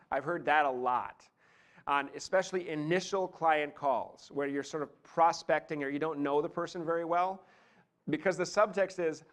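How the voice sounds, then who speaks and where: A man coaching an audience from a podium, his voice sitting a little higher than most men's. He talks in a lively, theatrical way and keeps breaking off into chatty asides. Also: normal speed. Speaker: presentation skills coach. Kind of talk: live talk to an audience. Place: meeting room, speaking from a podium.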